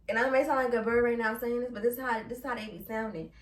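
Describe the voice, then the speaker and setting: A woman's voice: fairly high pitch, fairly even intonation, quick pace, distant mic. A young woman from Brooklyn with a New York accent, hosting a casual solo podcast in a blunt, sassy way and laughing often. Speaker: podcast host. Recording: roomy sound, a bit off the mic.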